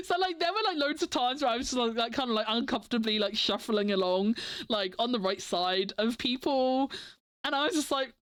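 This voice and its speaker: A woman's voice: fairly high pitch, expressive, brisk, dry recording. A young woman chatting casually on a livestream, rambling with many "like" fillers and frequent giggles. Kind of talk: casual chat stream.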